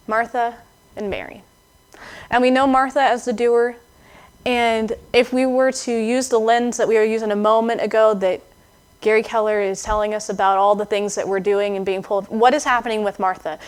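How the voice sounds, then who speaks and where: A woman delivering a sermon in a relaxed, conversational way, slipping into the voices of the people she quotes. Her voice sits somewhat high for a woman, and she sounds like a young adult. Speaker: preacher.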